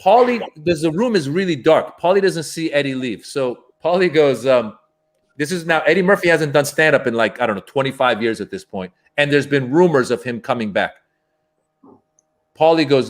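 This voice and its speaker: A male stand-up comedian telling anecdotes in a relaxed interview, animated and slipping into voices for the people in his stories. His voice sits a little high. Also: moderate pace. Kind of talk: casual storytelling interview.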